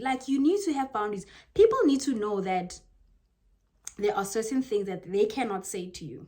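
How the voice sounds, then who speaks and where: A young woman with a Zulu-inflected South African accent gives casual motivational advice to the camera, talking in an animated, emphatic way. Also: moderate pace. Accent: South African, Zulu-inflected English. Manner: animated and emphatic, jumping to high exclamations. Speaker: motivational vlogger.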